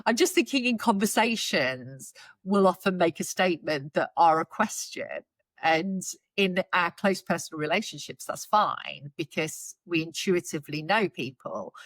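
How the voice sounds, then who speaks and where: A woman's voice: on the low side, a bit bright, no room sound. A woman hosts an interview, speaking in an encouraging, reflective and articulate way. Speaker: podcast host. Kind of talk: interview hosting.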